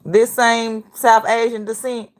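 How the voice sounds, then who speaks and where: A woman's voice: fairly high pitch, little pitch movement, measured pace. A woman hosting a casual reaction vlog, talking back to clips with sass. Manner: sassy, talks back to clips.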